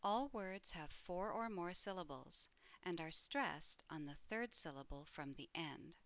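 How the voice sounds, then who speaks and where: Slow, low-voiced woman modelling pronunciation. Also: expressive, a bit bright. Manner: slow, careful, clearly enunciated model reading. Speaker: pronunciation teacher. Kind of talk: scripted language lesson reading.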